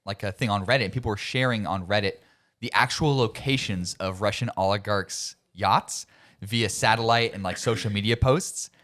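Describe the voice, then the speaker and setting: A man's voice: on the low side, normal speed, a bit bright. A man co-hosting a podcast, rambling through stories and laughing as he retells scenes. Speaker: podcast co-host. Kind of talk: casual chat.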